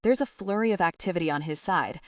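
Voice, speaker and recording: Expressive woman narrating an audiobook. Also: lowish voice, fast, no echo, clean studio sound, far from the mic. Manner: expressive, wry, lively storytelling. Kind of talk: first-person audiobook narration.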